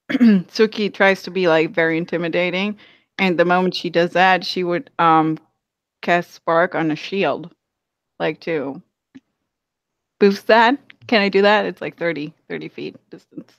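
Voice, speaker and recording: A young adult player at a tabletop game, talking very slowly and hesitantly with ums and laughs. The sound is dry and dull, like a lo-fi mic. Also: mid-range voice, no room sound.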